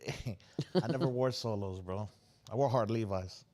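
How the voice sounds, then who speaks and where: A man's voice: fairly low pitch, measured pace, darkish tone. A man co-hosting a podcast in casual chat, full of street slang and "you know what I mean". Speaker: podcast co-host.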